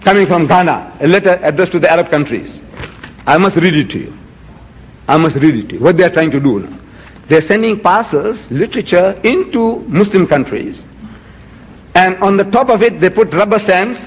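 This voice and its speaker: A man's voice: sits high, animated, moderate pace, slightly rough, in a large hall. A man giving a public lecture, indignant and rhetorical, holding up items for the audience. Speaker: Muslim lecturer.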